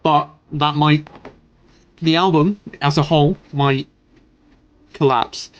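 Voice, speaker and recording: A man's voice: fairly high pitch, fairly even intonation, slow, lo-fi sound. A young man streaming casual commentary, rambling loosely with fillers and the odd swear. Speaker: streamer reviewing music. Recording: faint music in background. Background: faint music.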